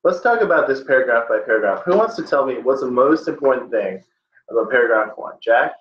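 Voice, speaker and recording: A man's voice: medium pitch, animated, fairly quick. A man teaching a classroom lesson, joking with the class as he talks. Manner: joking, playful asides. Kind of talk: classroom lecture. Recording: dull, roomy classroom audio.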